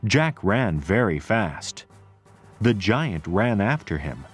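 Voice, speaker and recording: A man narrating a storybook aloud, clear, deliberate and expressive. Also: lowish voice, soft background music.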